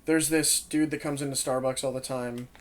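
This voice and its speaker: A young man co-hosts a casual podcast in a steady, mid-range voice at a moderate pace. Sleep-deprived and wired on espresso, he rambles, laughs, and stumbles while retelling a joke.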